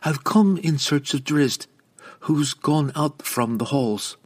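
A man's voice: a little high, takes it slowly, voice pushed up. A man voicing a fiery, blunt young woman warrior who speaks curtly in dialect with dropped g's. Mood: fierce, curt.

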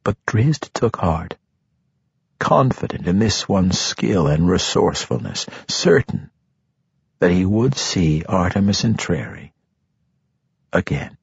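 A man narrating a fantasy audiobook in a very low, husky voice. His pitch moves a lot as he reads, measured and expressive. The recording is dry and dull. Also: no echo.

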